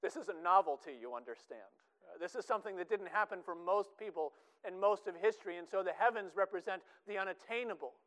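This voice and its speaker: A man's voice: sits high, fast, a bit bright, poor audio. A man preaching a sermon in an earnest way, often repeating words for emphasis.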